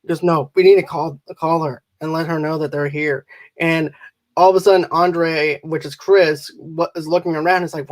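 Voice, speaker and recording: Male co-host with a high voice, lively movie retelling. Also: normal speed. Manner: animated, acts out quotes. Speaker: podcast co-host, movie reviewer. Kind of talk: casual chat.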